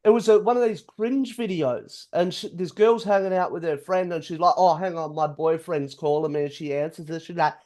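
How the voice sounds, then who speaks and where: A man's voice: on the high side, fairly quick, hardly any pauses, a little mellow. A man co-hosting a podcast, telling crude stories in a laid-back way. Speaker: podcast co-host. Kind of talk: casual podcast banter.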